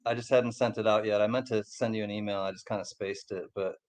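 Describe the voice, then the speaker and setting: A man co-hosting a casual chat, easygoing and halting, often repeating his words. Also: on the low side, steady tone, darkish tone. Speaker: co-host. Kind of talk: casual chat about coin collecting.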